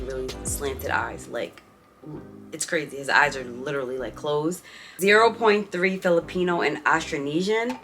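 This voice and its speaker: Woman vlogger, young, low voice, chatty and playful, faint music behind. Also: normal speed, a bit bright. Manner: chatty, reads out results with playful asides. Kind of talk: casual vlog chat.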